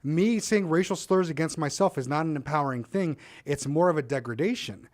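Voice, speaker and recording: A man's voice: fairly high pitch, a little fast, darkish tone. Emphatic male panel guest. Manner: emphatic, repeats words when starting. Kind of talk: casual panel chat.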